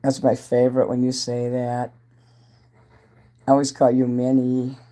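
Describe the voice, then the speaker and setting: A man's voice: medium pitch, monotone, a little slow, mellow. A man, a self-styled entertainer, rambling casually on a livestream, greeting viewers by name and chatting about whatever comes to mind.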